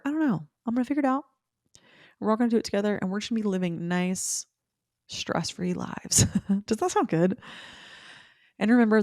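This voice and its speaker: A young woman talks straight to her listeners in a casual spiritual podcast. She is chatty, rambling and upbeat. Her voice sits a little low for a woman, recorded close and dry with no room sound. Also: a little mellow, dry recording. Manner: fast-talking, slowing down at times. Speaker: podcast host.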